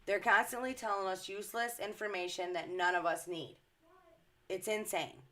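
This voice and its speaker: A woman's voice: mid-range voice, steady tone, normal speed, bright, forceful tone. A woman giving an indignant, emphatic commentary to her followers, swearing freely. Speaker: social media commentator. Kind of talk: casual ranting commentary.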